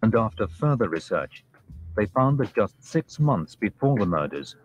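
A male narrator reads the script at an even, measured pace. His voice sits low, and music plays under it throughout. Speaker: documentary narrator.

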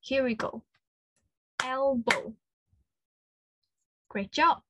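A woman with an Australian accent leading an interactive children's lesson, slow and encouraging, full of praise. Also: high voice, expressive, background noise. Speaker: children's speech clinic presenter.

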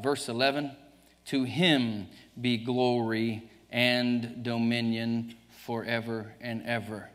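With a flat delivery and slow pace, a mid-range-voiced pastor with a Southern US accent preaches to his congregation, though he's still emphatic and jokes and chuckles often. It's a church livestream from the sanctuary, with long reverb.

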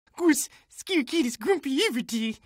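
A woman voicing a chatty, excitable cartoon cat who talks in playful broken grammar. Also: high voice, no echo, studio quality. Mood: excited. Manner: bubbly, sing-song, repeats her own names in rapid chants. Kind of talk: cartoon voice acting.

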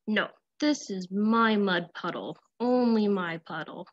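A woman's voice: medium pitch, slow, pitched below the performer's own voice, natural voice. A woman voicing a small, possessive baby pig who speaks in a stubborn, grudging way, over dull lo-fi audio.

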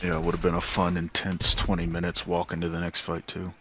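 A man's voice: deep voice, completely flat delivery, a little fast, a bit bright, slight background noise. A man chatting while gaming with friends, making dry, sarcastic jokes. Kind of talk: casual gaming chat with friends.

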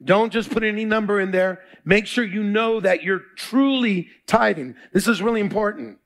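A man's voice: high-pitched, moderate pace, fairly bright tone. A male pastor preaching a sermon, quizzing the congregation in call-and-response.

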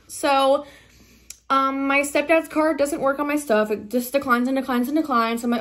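A young woman with a slightly high voice recounts a stressful night to camera. She talks quickly and dramatically, jumping into the voices of everyone involved as she goes. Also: steady tone, fairly bright tone, a little hiss or hum. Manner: dramatic, fast retelling full of quoted exclamations. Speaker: vlogger. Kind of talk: casual storytime vlog.

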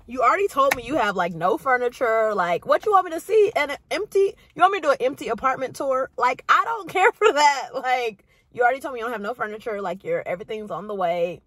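A young woman with a higher voice talks fast with hardly any pauses in a dry recording. She vlogs casually and sassily, bringing her stories to life by imitating the people she quotes.

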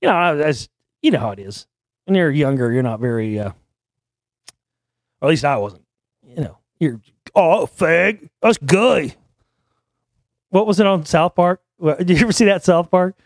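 A man's voice: a little high, lively intonation, normal speed, long pauses, a little mellow, no echo, clean studio sound. A man in his forties hosting a show, talking in a rambling, blunt and profane casual monologue. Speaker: show host.

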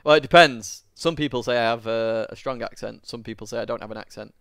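A man's voice: mid-range voice, quick pace, creaky, fairly bright tone, clean tone, no room sound, clean studio sound. A man with a Northern English accent chatting casually on a live stream as he races, joking and greeting viewers by name. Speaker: sim racing streamer. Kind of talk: casual live-stream chat while racing.

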